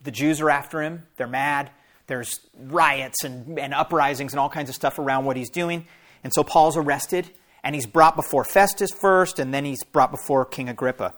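A man's voice: on the high side, normal speed, a bit bright. A man, a pastor, preaching a sermon and reading scripture aloud, stopping often for plain explanatory asides to his listeners.

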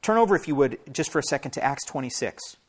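A man's voice: medium pitch, lively intonation, fast. A man, a pastor, preaching a sermon and reading scripture aloud, stopping often for plain explanatory asides to his listeners.

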